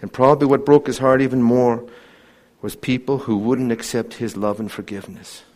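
A man preaching an evening sermon to his congregation. He pleads with fervor and swings between loud, climbing appeals and hushed, solemn lows. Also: fairly even intonation, moderate pace. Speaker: pastor.

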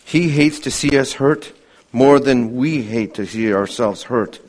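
A man preaching an evening sermon to his congregation. He pleads with fervor and swings between loud, climbing appeals and hushed, solemn lows. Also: unhurried. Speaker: pastor.

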